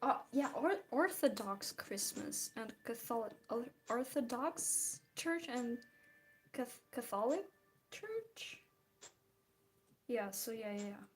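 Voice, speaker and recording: A woman's voice: fairly high pitch, expressive, slow pace. A tired young woman from Belarus, rambling and giggling as she chats casually while drawing. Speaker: streamer.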